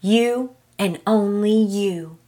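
A woman's voice: medium pitch, very slow, mellow. A woman voicing a lovestruck woman who pleads and swears her devotion in an overdone way. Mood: pleading.

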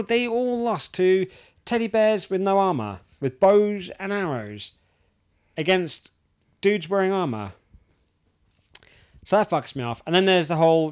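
A man in his thirties ranting in casual chat, swearing freely and restarting his sentences. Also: on the high side.

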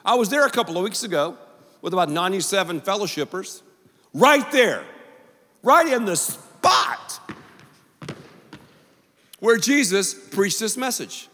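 A male pastor preaching a sermon in a joking, animated way, full of quick asides, in a large church auditorium. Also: high-pitched. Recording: long reverb of a large hall.

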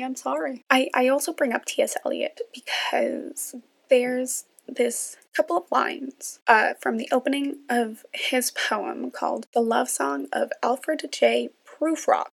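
Gravelly-voiced young woman ranting casually. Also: high voice. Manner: chatty, self-deprecating, rambling with asides. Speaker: podcast host. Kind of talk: solo casual rant.

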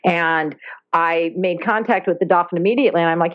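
A woman talks as an interview guest in an animated, storytelling way. She slips into the voices of people she quotes. Her voice sounds dry, with a dull, muffled line. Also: lowish voice, a little fast, no room sound. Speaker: guest, dolphin therapy program founder. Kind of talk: casual interview talk. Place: Maui, Hawaii.

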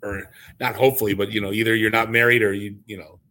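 A man hosting a podcast, chatting casually and telling jokey, animated stories. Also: fairly low pitch, fast talker. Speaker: podcast host. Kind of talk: casual chat.

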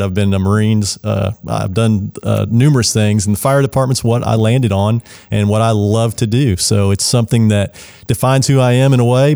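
A man's voice: on the low side, vocal fry, mellow, clear, resonant tone. A man in his forties from Oklahoma, a fire chief guest speaking in a friendly, earnest way in an interview. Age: 40s. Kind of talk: casual interview talk. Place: studio.

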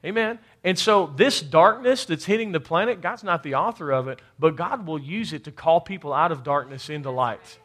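A man's voice: a little high, animated, moderate pace, few pauses, fairly bright tone. A man preaching a sermon, calling for amens from the congregation and repeating words as he builds a point. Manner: call-and-response preaching, rising to emphatic bursts. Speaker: pastor.

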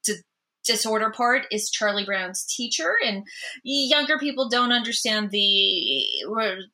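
Bright-voiced woman who stutters. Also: fairly high pitch, unhurried. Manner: stutters with repeated sounds, animated. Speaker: guest. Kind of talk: interview conversation.

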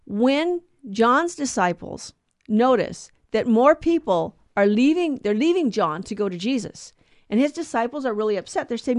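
A woman's voice: on the high side, very animated, moderate pace, no echo. A woman co-hosting a podcast, explaining a gospel reading in casual chat, digressing and correcting herself as she goes. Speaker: podcast co-host teaching scripture.

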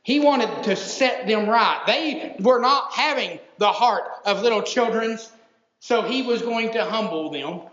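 Male pastor, high voice, emphatic preaching, roomy dull lo-fi church recording. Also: unhurried, fairly bright tone. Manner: emphatic, repeats words for stress. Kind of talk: sermon. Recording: roomy echo, dull lo-fi sound.

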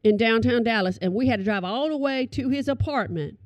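A middle-aged woman telling comic stories to an audience, animated and calling them y'all. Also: a little high, fairly quick, no room sound. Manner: animated, addresses listeners as y'all. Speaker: storyteller.

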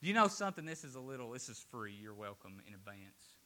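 A man preaching a sermon to a congregation, swinging between loud, emphatic declarations and hushed, quiet asides. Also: mid-range voice, sing-song, fast talker.

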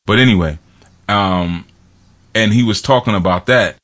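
Deep-voiced man rambling in a casual monologue. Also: normal speed, a bit bright. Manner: rambling, laughing, acting out quotes.

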